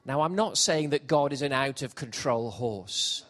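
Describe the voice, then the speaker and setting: A middle-aged man preaching a sermon, jokey and animated, shifting from quiet asides to loud shouts. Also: medium pitch, measured pace. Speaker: pastor. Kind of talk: sermon with comic storytelling. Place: church hall with congregation.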